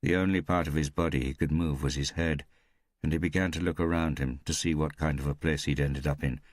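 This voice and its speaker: A man narrating a mystery audiobook in a measured, steady storytelling manner, recorded close to a studio mic. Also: rumbling low, dry recording.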